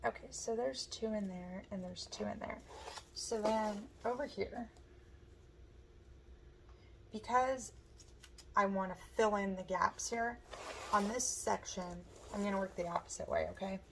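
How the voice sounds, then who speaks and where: A woman with a hoarse voice, casually explaining step by step how she makes a wreath as she works. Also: mid-range voice, a little slow, pauses often, noisy background. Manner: chatty, talks while working with her hands. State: hoarse, losing her voice. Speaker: craft tutorial host. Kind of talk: step-by-step crafting instruction.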